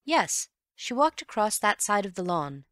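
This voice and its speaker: A woman reading an audiobook and voicing an eager, excitable young Englishman who is easily puzzled, with quick, breathless exclamations. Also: mid-range voice, dry recording, studio quality, voice pushed up. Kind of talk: audiobook character voice.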